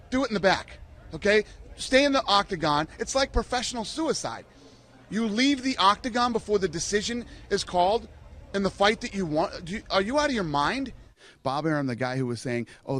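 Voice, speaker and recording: A man's voice: on the high side, fairly bright tone. A middle-aged man ranting bluntly and profanely at a press conference as a sports promoter.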